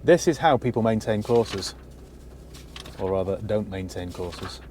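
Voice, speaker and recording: A man's voice: fairly low pitch, lively intonation, measured pace, noisy background. A man giving a casual, dry-humoured walkaround of a used car he has bought, talking from inside the parked car on a cold day. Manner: dry, wry asides.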